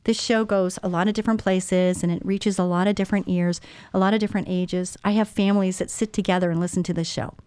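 A woman's voice: fairly low pitch, fairly even intonation, fast, a little mellow, clean tone, dry recording. A woman in her sixties hosting a Christian radio talk show, speaking earnestly and personally to her listeners. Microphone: studio microphone.

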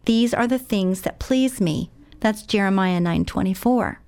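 A woman's voice: mid-range voice, measured pace, darkish tone, smooth. A woman preaching a sermon in an emotional, heartfelt way, repeating words for emphasis.

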